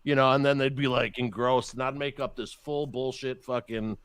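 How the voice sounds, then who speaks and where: A man's voice: medium pitch, fairly even intonation, moderate pace, a bit bright, clear, resonant tone, dry recording. A man hosting a casual chat, telling profane, jokey stories and dropping into voices. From Chicago area. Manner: profane, jokey storyteller who slips into voices. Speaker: podcast host.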